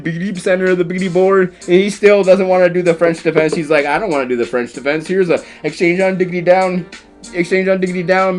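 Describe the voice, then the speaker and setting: High-voiced man doing goofy chess commentary. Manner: rhyming nonsense words and silly squeaky exclamations. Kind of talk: goofy comedic game commentary.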